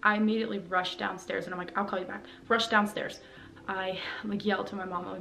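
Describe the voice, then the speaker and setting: A woman's voice: medium pitch, little pitch movement, fast, vocal fry, sharp tone, soft background music. A young woman vlogging to her camera at home, talking candidly and rambling with lots of fillers. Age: young adult. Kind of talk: personal vlog talking to camera. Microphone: camera mic, talking to camera.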